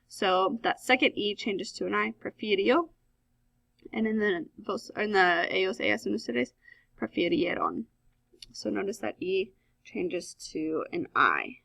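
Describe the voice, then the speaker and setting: A woman's voice: mid-range voice, creaky, a bit bright, no room sound. A woman Spanish teacher talking students through a recorded grammar lesson, explaining step by step with frequent "um" fillers.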